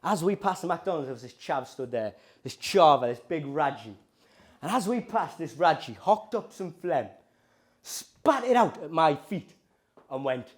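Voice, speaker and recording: A man with a Geordie accent doing stand-up comedy, talking in a lively, provocative, conversational way. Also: a little high.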